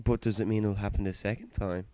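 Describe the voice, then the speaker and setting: A man's voice: on the low side, flat delivery, fast talker, dark tone, dry recording. Playful British man, dry close sound. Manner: playful, teasing, jokey. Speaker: podcast co-host. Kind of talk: casual chat.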